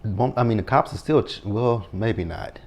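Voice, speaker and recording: Man in his thirties, recap host, lowish voice, blunt and cussing, loose chatty delivery. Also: moderate pace, darkish tone. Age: 30s. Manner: blunt, profane, sassy retelling. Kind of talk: casual recap chat.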